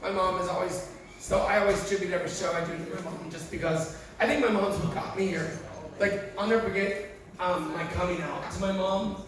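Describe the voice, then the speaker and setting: A man's voice: sits high, steady tone, a little fast. A man doing stand-up comedy, telling candid, profane and emotional stories to a live audience. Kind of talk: stand-up storytelling. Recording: echoey room, far mic, crowd noise.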